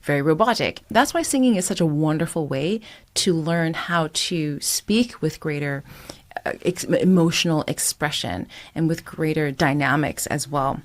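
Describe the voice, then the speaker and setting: Female vocal coach, middle-aged, lower-pitched, patient and encouraging. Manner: encouraging, explains step by step, sings short phrases as demonstrations. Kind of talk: singing tutorial, talking to camera.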